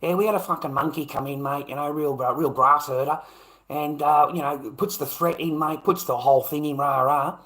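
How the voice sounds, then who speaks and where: On his channel's livestream, a host with a slightly high, steady, somewhat bright voice rants at normal speed. His tone is sarcastic and combative, and he curses and repeats himself often.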